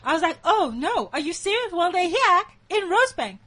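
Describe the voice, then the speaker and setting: A woman with a South African accent, a guest on a talk show, telling a story in a lively way and acting out the dialogue. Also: extremely high pitch, a little fast, few pauses, a little hiss or hum. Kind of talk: casual chat, telling a story.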